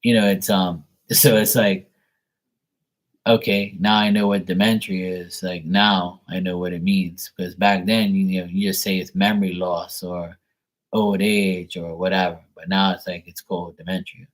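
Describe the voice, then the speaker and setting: A man hosting a casual stream, telling a family story in a rambling, profane, animated way. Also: sits low, normal speed. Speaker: tarot reader, show host.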